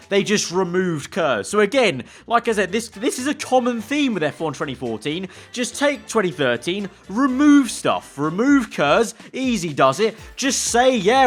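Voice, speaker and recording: A man's voice: sits high, a bit bright. A man, a gaming channel host, giving sarcastic, rambling gameplay commentary.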